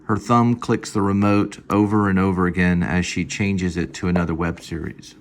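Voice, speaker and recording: A man casually reading his own screenplay aloud at home, halting and stopping to fix lines. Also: low voice, steady tone. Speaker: screenplay reader. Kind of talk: casual screenplay read-through.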